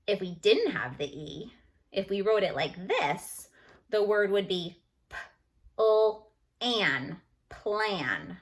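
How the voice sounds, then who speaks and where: A woman teacher going over a phonics lesson on a video call, slowly sounding out letters and words. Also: medium pitch, big pitch swings. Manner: slow, deliberate, sounds out each letter. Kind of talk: recorded phonics lesson review.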